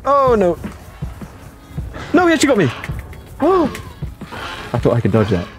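A man's voice: sits high, huge pitch swings, normal speed, soft background music. A young man chatting playfully through a gaming livestream and answering his viewers' chat aloud. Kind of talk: casual livestream commentary.

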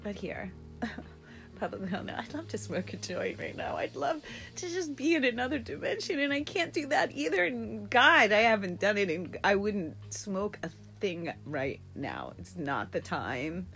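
A young woman hosting a casual livestream from home, chatting to viewers in a rambling, expressive way with lots of fillers. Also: medium pitch, measured pace, creaky, faint music behind. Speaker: livestream host. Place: at home, indoors.

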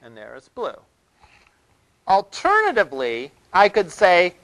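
A man's voice: high-pitched, huge pitch swings, unhurried, pauses often, a bit bright, low-quality recording. A man teaching a college web development class, talking loosely with lots of fillers and "all right?" check-ins to the room. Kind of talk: classroom lecture.

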